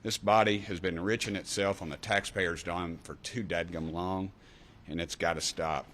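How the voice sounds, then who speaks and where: A man's voice: low-pitched, steady tone, normal speed, a bit bright. A man in his sixties with an East Tennessee accent, giving fiery, folksy press conference remarks with punchy repeated refrains. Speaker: congressman.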